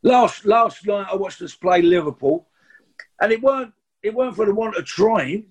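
High and husky, the man's voice moves at a normal speed. In his sixties and speaking with a London accent, the guest actor rambles through anecdotes in an interview, restarting often and wandering into asides.

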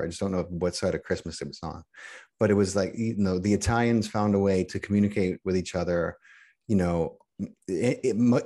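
A middle-aged man talking as a podcast guest in casual chat, halting and restarting often. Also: deep voice, warm tone. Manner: halting, many restarts and repeated words.

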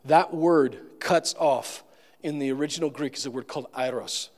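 A man's voice: a little high, moderate pace, a little mellow. A male pastor giving a sermon in a conversational manner, with joking asides. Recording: long reverb of a large room.

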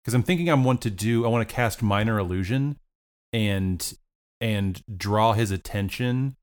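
Guy playing a tabletop game, talks it out slowly, lots of ums. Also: on the low side, clear, resonant tone. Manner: hesitant, thinking aloud with fillers. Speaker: player. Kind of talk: casual tabletop game play.

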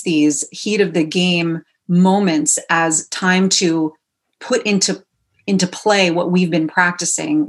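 A woman parenting coach, a podcast guest, explaining her ideas in an earnest, measured conversational way. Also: lowish voice. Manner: earnest, explanatory, uses sports analogies.

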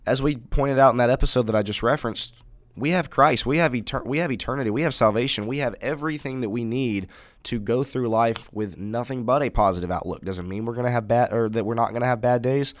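A man's voice: mid-range voice, quick pace, dry recording. A man co-hosting a Christian podcast, talking in an earnest, emphatic way and restarting phrases as he rephrases. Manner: earnest, emphatic, repeats words when rephrasing. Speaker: podcast co-host. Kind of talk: casual Christian podcast discussion.

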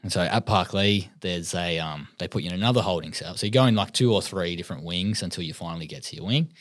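A man's voice: sits low, fast, no echo, studio quality. A young adult Australian man with an Australian accent, a podcast guest telling his story in a laid-back way, swearing freely and laughing often. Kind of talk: casual storytelling interview.

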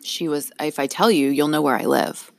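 A woman's voice: deep voice, moderate pace, creaky, dry recording. A middle-aged woman co-hosting a podcast, telling a story in casual chat, laughing often and acting out what others said. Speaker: podcast co-host.

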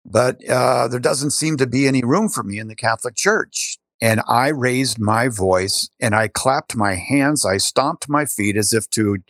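An older man telling his story as an interview guest, animated, with frequent restarts. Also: mid-range voice, measured pace, few pauses, dry recording, clean studio sound.

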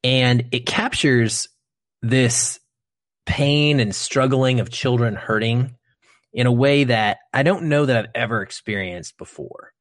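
A man's voice: medium pitch, slow, no echo, studio quality. A man co-hosting a podcast, giving an earnest, emphatic film review in casual chat. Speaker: podcast co-host.

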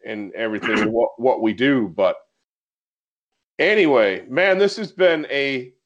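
A man hosting a casual podcast, telling a story with animated, excitable energy. His voice sits at an everyday middle pitch. The recording sounds slightly dull and lo-fi. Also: measured pace. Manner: animated storyteller, gets excited recounting events. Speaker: podcast host.

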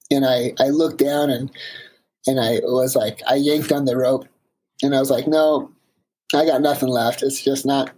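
A man, a guest on an interview show, telling an animated story in a casual way, with many fillers. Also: mid-range voice, slightly rough, rough recording.

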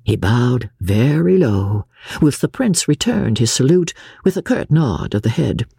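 A woman narrates a classic novel in an expressive, measured way. Her husky voice swings widely in pitch. The recording is close and dry. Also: no echo. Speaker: audiobook narrator.

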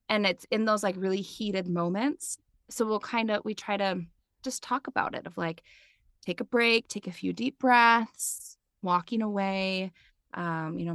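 A woman's voice: medium pitch, normal speed, creaky, a bit bright, dry recording, clean studio sound. A woman in her thirties, a podcast guest and mindfulness teacher, talking in a chatty way with lots of filler words. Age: 30s. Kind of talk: casual interview chat.

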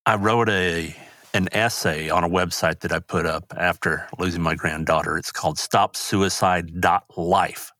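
Grieving older man, low dry voice. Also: steady tone, sharp tone, no echo. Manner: halting, grief-stricken, voice rising when angry. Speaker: guest. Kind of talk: emotional interview talk.

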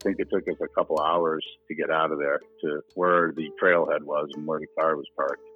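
An interview guest with a very deep, slightly rough voice tells his own story in a brisk, plainspoken, casual way, keeping his pitch fairly flat and laughing now and then. It sounds like a dry phone-like line, with soft music in the background.

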